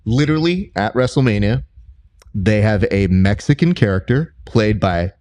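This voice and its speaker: A young man hosting a casual interview podcast, telling stories in an animated way and jumping high in pitch when he quotes people. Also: normal speed. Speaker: podcast host and combat sports commentator.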